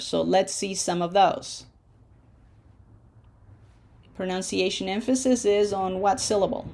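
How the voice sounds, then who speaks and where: A woman teaching pronunciation in a slow lesson, drawing out each syllable and often checking in with "okay?". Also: medium pitch, a little mellow. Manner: drawn-out syllable-by-syllable modeling of words.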